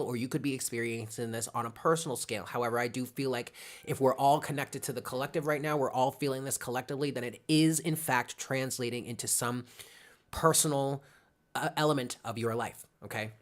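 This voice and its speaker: Chatty tarot reader thinking aloud. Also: mid-range voice. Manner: chatty, thinks aloud, keeps checking in with "okay?"; addresses chat viewers by name. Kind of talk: live tarot reading for viewers.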